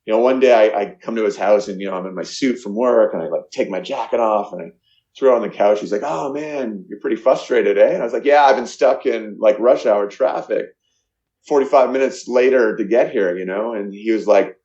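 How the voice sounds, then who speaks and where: Earnest, halting man in an echoey room. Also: lowish voice, mellow. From Canada. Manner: halting, earnest, many fillers and restarts. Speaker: guest, charity founder. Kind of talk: emotional storytelling in a podcast interview. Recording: echoey, muffled lo-fi sound.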